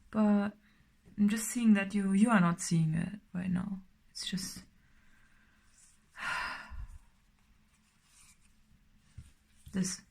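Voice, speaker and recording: A woman's voice: mid-range voice, darkish tone. A woman doing a casual tarot reading, talking in a rambling way with many fillers and sometimes dropping to a whisper. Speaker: tarot reader.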